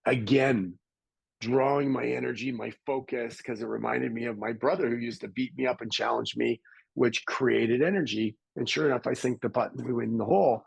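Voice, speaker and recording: A middle-aged Canadian man, appearing as a podcast guest, tells stories in a lively conversational style and acts out the voices of the people he quotes. His mid-range voice is gravelly and husky at a normal speed. The recording is dry, and the audio quality is poor.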